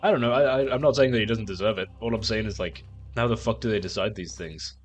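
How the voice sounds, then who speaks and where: A man's voice: lowish voice, quick pace, faint music behind. A man streaming a game and chatting casually, rambling with stammered restarts and frequent swearing. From outside the United States. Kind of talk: casual chat while gaming on stream.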